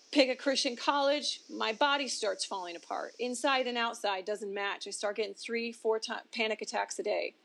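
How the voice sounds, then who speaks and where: Woman guest telling her story on an interview: candid, expressive, high-ish voice. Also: normal speed, creaky, few pauses. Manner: expressive, swings pitch up for emphasis, laughs between points. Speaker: interview guest, ministry founder. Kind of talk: candid personal testimony in conversation.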